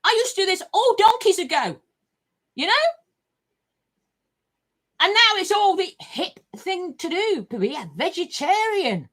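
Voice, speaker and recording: An older woman talks straight to camera, her voice pitched high and swooping all over the place. She rambles on with force, swears freely and circles back over her own words. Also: very animated, a little slow, pauses often, fairly bright tone. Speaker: vlogger.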